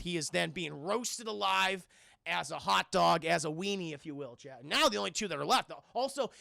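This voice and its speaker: A man's voice: high voice, creaky, bright, forceful tone, dry recording, studio quality. A young man streaming, casually and profanely retelling a cartoon episode to his chat.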